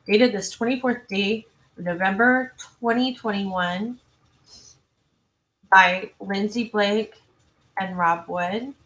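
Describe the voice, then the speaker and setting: A woman hosting a true crime livestream, chatty and self-interrupting, reading viewer comments and adding quick asides. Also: mid-range voice, fairly bright tone. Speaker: true crime channel host. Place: home.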